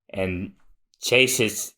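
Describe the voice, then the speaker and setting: A man co-hosting a podcast, reading a manga aloud in a halting way, with many restarts. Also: mid-range voice, bright, forceful tone. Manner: halting, lots of restarts and fillers. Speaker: podcast co-host.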